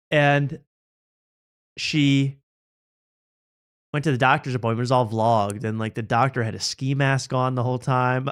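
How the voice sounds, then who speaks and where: A man's voice: medium pitch, a bit bright. A man hosting a casual late-night show, mocking and joking. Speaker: host.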